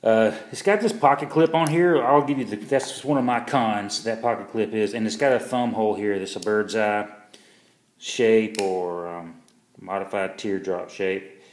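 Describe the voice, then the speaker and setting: A man's voice: fairly low pitch, unhurried, reverberant. A man reviewing a pocket knife in a casual vlog, rambling and self-deprecating, with lots of fillers and restarts.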